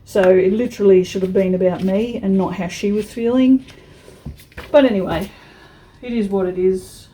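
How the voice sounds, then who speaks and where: A woman's voice: mid-range voice, normal speed, mellow, slight background noise, low-quality recording. A woman vlogger chatting frankly while she works on a craft project, with mild swearing and many restarts. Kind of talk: casual chat while crafting.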